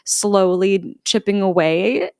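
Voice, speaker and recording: A woman's voice: mid-range voice, takes it slowly, creaky, clear, resonant tone, no echo, clean studio sound. A young woman co-hosting a podcast, reacting to a horror movie recap with short, incredulous remarks. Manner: reactive listener, short exclamations and laughs. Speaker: podcast co-host.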